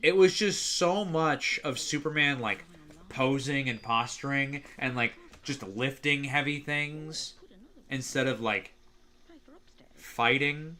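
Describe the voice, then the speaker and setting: A man's voice: mid-range voice, takes it slowly. A young man streaming casually, rambling and reacting with lots of "like" fillers. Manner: rambling, heavy use of "like", excitable reactions.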